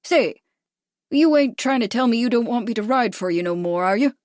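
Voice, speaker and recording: A woman's voice: medium pitch, normal speed, no echo, clean studio sound, natural voice. A woman voicing a brash, boastful young male jockey with a drawling American Midwestern accent in a storybook reading. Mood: belligerent. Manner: drawling, belligerent.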